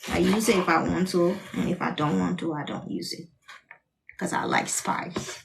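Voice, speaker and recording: A woman's voice: fairly low pitch, very animated, moderate pace, vocal fry, distant mic, slight background noise. A woman from Liberia chatting casually while cooking, teary-eyed and sighing from cutting onions as she greets viewers. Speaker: cooking channel host.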